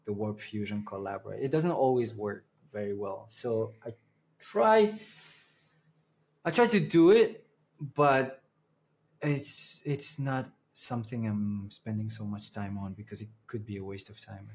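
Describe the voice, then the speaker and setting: A man who is a content creator, chatting casually as a guest in an interview and telling stories with lively energy. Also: fairly low pitch, unhurried, a little hiss or hum. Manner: lively storyteller, speeds up when excited.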